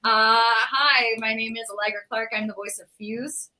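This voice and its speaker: A woman voice actor, chatting on a livestream in a giggly, excitable way. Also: fairly high pitch, normal speed, rough recording. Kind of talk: casual livestream chat.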